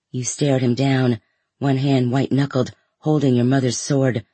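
Husky man narrating a story. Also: mid-range voice, flat delivery, a little slow, warm tone, no room sound. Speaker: audiobook narrator. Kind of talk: scripted first-person story narration.

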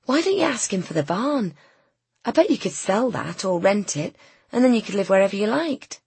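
A woman voicing a gentle, patient bookseller woman in an audiobook, soft but firm. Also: mid-range voice, very animated, normal speed, breathy edge, dry recording, pitched above the performer's own voice, exaggerated voice. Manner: gentle, soothing.

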